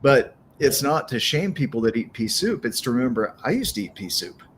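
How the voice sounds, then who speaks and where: A man's voice: medium pitch, big pitch swings, brisk, slight background noise. A man hosting a podcast who talks in an earnest, encouraging way and keeps circling back to his point. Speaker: podcast host. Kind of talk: casual podcast conversation.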